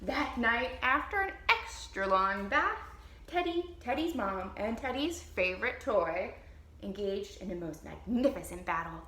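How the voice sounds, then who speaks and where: Slow, lively woman librarian. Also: mid-range voice. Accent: New Orleans. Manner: slow, animated and encouraging. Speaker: children's librarian. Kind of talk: children's storytime reading. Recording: roomy echo.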